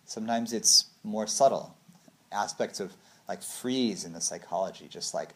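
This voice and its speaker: Lively man telling stories in a casual talk. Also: moderate pace. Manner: animated storytelling, acts out quotes with big pitch swings. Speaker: meditation teacher.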